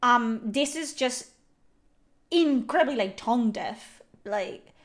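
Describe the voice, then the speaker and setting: A woman's voice: on the high side, takes it slowly. Exasperated Spanish-accented woman streamer. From Spain. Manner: animated, emphatic and exasperated, swears freely. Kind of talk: game reaction commentary.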